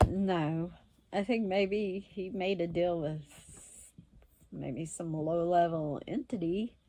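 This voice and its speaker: A woman's voice: on the low side, dark tone, a little hiss or hum. A woman telling a story in a casual, blunt way, swearing and laughing often. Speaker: self-described witch and medium, vlogger.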